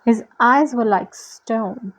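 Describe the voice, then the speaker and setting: A woman reading a novel aloud in a steady, deliberate way. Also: a little high, poor audio. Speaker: reader.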